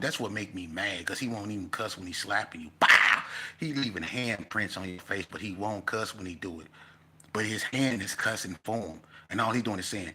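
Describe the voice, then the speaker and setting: A man telling a casual storytelling monologue, animated and profane, breaking into loud outbursts. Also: on the low side, brisk, husky. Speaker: vlogger telling stories.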